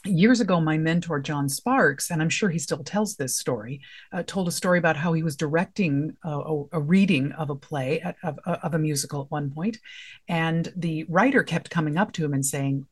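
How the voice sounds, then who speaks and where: A writing teacher delivers a casual spoken lesson. The talk is conversational and unscripted, moving from one example line to the next and posing questions along the way. The voice sits at a middle pitch. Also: normal speed, slightly rough. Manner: conversational, explains through example lines and questions.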